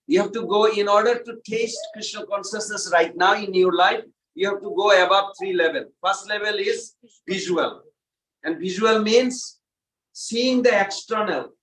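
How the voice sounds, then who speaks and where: A man teaching a devotional class in a temple, animated and asking the audience questions. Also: high-pitched, reverberant, far from the mic, low-quality recording. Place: temple hall, indoors.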